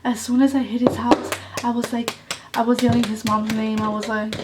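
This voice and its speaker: A woman's voice: on the high side, flat delivery, quick pace, far from the mic, background noise. A young woman telling a story on her vlog in a blunt, casual way, swearing a lot and saying "like" often. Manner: blunt, heavy swearing, lots of "like". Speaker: vlogger.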